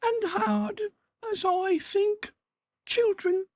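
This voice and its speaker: An eerie, very high ghostly voice. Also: male voice, extremely slow, no room sound, clean studio sound, heavily acted. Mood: solemn.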